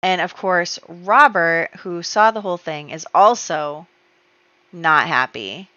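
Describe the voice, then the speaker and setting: A woman's voice: lowish voice, slow, pushed and bright, no room sound. A woman casually commenting on her life-sim game, chatty and storytelling, with many fillers. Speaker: gameplay YouTuber. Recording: dull lo-fi dry sound.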